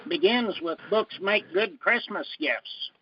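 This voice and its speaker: A man calling in to a chat show, plainspoken and halting with many fillers. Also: high-pitched, animated, husky, lo-fi sound. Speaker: caller. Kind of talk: casual call-in chat.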